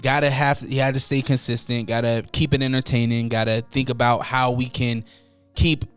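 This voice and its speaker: A man's voice: medium pitch, little pitch movement, moderate pace, smooth. A man hosting a casual podcast chat, encouraging and upbeat as he talks with his guests. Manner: encouraging, upbeat sign-offs. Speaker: podcast host. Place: Utah.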